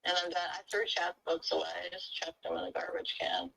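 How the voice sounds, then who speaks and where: Gravelly, bright-voiced woman telling a story. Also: on the low side, fairly quick, low-quality recording. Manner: animated storytelling, acts out quotes. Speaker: interviewee. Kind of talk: casual recorded conversation.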